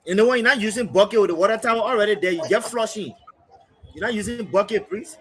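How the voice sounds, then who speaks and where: A man's voice: high-pitched, quick pace, a bit bright, slight background noise. Liberian-accented male host, impassioned commentary, keeps hammering his points. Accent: Liberian English. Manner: emphatic, repetitive, addresses co-host as brother. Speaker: talk show host. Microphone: streaming setup.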